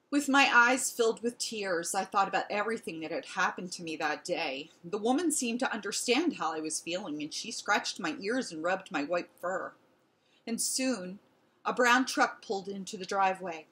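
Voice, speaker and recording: A woman reading a children's storybook aloud, telling it expressively. Her voice rises and falls in a lively way at a medium pitch. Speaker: storybook reader. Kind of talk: children's book read aloud.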